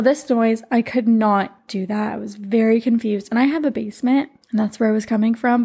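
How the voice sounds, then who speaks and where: Woman in her twenties, podcast host, gravelly fry, mellow tone, rambling earnest storytelling. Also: on the high side. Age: 20s. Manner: rambling, heavy on "like", emotional and earnest. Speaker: podcast host and life coach. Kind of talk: casual personal storytelling.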